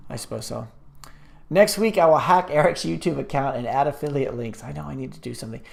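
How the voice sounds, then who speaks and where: A man's voice: medium pitch, fast talker, creaky. A man hosting a live stream, chatting casually and reading viewer comments aloud, rambling with many fillers and restarts.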